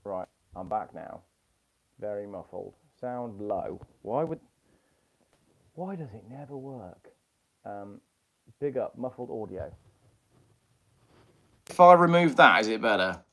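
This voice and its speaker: Rambling Brummie man, lowish voice. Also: very animated, slow, pauses often, a bit bright. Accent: Birmingham. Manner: rambling, reads viewer comments aloud, many fillers. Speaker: channel host. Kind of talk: casual live-stream chat. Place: small alcove on a home landing. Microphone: headphone mic on a live stream.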